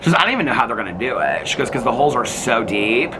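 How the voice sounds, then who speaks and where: A man vlogging outdoors in his neighborhood with a handheld camera, telling animated, gossipy stories and laughing often. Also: medium pitch, rapid-fire, background noise. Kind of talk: casual outdoor vlog chat.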